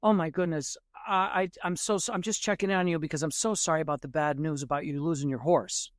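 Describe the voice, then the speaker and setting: A man voicing a fretful, chatty village neighbor in a parable, talking in a rushed, apologetic way. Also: fairly high pitch, no room sound, clean studio sound, pitched below the performer's own voice, lightly acted.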